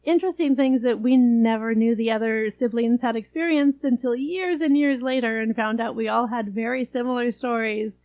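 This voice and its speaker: Female podcast co-host, friendly and matter-of-fact, a little high in pitch. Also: moderate pace, few pauses, a little mellow, poor audio. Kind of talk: casual chat.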